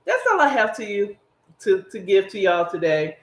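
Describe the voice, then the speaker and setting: A man's voice: sits high, very animated, moderate pace, fairly bright tone. A man hosting a podcast, rambling and emphatic as he talks straight to his viewers in a casual solo commentary. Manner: rambling, emphatic, speaks directly to the audience. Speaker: podcast host. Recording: echoey room.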